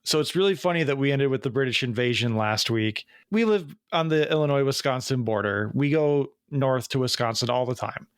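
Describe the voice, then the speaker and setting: Guy in his 40s podcasting, rambly and quick, mid pitch, dry close mic. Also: lively intonation, smooth, no echo. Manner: fast, tangent-prone, self-interrupting. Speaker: podcast host. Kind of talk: casual chat.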